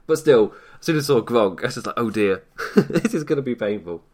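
A man's voice: medium pitch, lively intonation, fast talker, darkish tone, husky. British man, young adult, casual solo commentary, chatty, laughs a lot, home setup, mic off to one side. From Britain. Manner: chatty, self-deprecating, laughs often. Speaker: wrestling podcast host. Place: at home in isolation. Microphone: desk mic off to one side.

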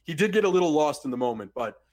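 A man with a slightly high voice co-hosts a casual sports podcast. He rants with animated, profane energy and builds his rants up with repeated lines. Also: quick pace. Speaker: podcast co-host.

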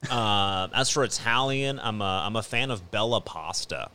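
A man co-hosting a podcast, chatting upbeat about his picks with many pauses and "um"s. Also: fairly low pitch, expressive, pushed and bright. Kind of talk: casual chat.

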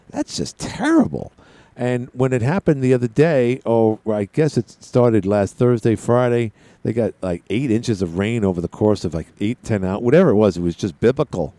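Chatty male talk radio host, lively pitch. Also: dry recording. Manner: rambling, chatty, frequent restarts. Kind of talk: casual talk radio monologue and call-in. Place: radio studio.

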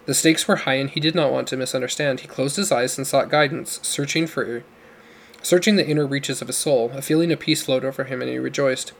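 A man reading a novel aloud in a steady, measured narration. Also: mid-range voice, vocal fry, slight background noise. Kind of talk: audiobook narration.

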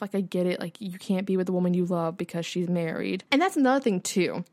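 A woman's voice: lowish voice, lively intonation, fast talker, few pauses, no echo, clean studio sound. A young woman co-hosting a podcast, chatting casually with lots of "like" fillers and frequent swearing. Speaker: podcast co-host. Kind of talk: casual chat.

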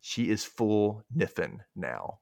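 A man's voice: fairly low pitch, sing-song, takes it slowly, gravelly, a little mellow, dry recording, studio quality. A young man hosting a podcast, casually recapping a TV episode and acting out characters' lines in exaggerated voices. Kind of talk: casual chat.

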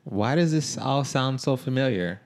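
A man's voice: medium pitch, lively intonation, unhurried. A man co-hosting a podcast, teasing his friend dryly and reading out listener questions. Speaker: podcast co-host. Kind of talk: casual banter.

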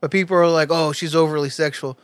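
A man's voice: fairly high pitch, fairly even intonation, quick pace, clean tone, no echo. Profane, rambling man in casual chat. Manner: loose, profane, rambling storytelling. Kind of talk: casual chat among friends.

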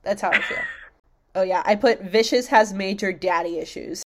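A woman's voice: mid-range voice, fairly quick. A young woman in casual chat, swearing freely and acting out quotes with big bursts of energy. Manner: animated, swears a lot, acts out loud quotes.

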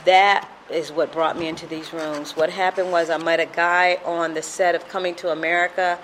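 A woman's voice: lowish voice, little pitch movement, normal speed, fairly bright tone, slight background noise, low-quality recording. A middle-aged woman sharing a personal recovery testimony in an earnest storytelling manner, acting out the voices she quotes.

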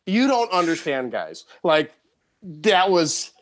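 A man hosting a podcast, telling a story in casual chat, excited, with frequent restarts and laughs. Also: a little high, takes it slowly. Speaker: podcast host.

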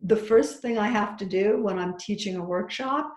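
A woman's voice: mid-range voice, normal speed, darkish tone, roomy sound. A woman talking as a podcast guest who teaches psychic workshops, chatty and full of restarts and advice. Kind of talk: casual podcast chat.

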